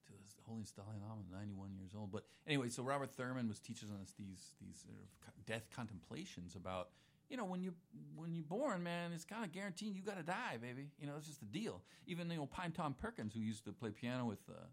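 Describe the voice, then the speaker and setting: Laid-back musician guy rambling fast, lots of "man" and "you know". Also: mid-range voice, animated. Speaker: musician guest. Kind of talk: casual conversation.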